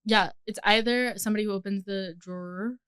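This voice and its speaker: A woman's voice: mid-range voice, fairly even intonation, brisk, a bit bright, clear, resonant tone, no echo, clean studio sound. A young woman co-hosting a podcast in playful, teasing casual chat, giggling often. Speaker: podcast co-host.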